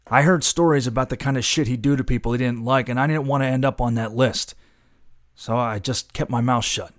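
An actor voicing a bitter, profane street vendor pours out a haunted confession in a radio drama, at an ordinary pitch with a dry, close sound. He is agitated and swears freely. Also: no echo, natural voice. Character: bitter working-class man confessing a killing.

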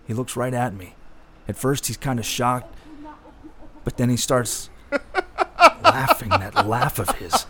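A man's voice: mid-range voice, wildly swooping pitch, unhurried, vocal fry, bright, forceful tone, exaggerated voice. A man playing a bitter newsstand vendor confessing a killing in a radio drama, profane and agitated. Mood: haunted.

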